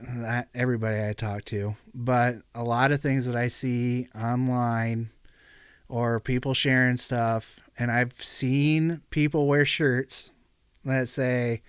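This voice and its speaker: A man from the American Midwest chatting as a podcast guest, easygoing and quick to laugh, with lots of fillers. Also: medium pitch, smooth, no room sound, studio quality. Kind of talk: casual podcast chat.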